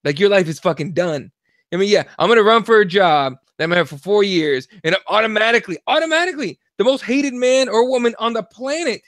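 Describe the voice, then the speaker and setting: A young man co-hosting a podcast, talking casually in an animated, profane way and acting out quotes. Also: high-pitched, fast talker, dry recording. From Mexico. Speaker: podcast co-host. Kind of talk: casual opinion chat.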